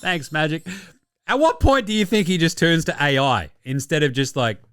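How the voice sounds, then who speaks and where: Australian male host, lively pitch, dry close sound, sweary comic sports chat. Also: normal speed, clean tone, dry recording. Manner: profane, jokey, animated rants. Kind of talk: casual sports commentary.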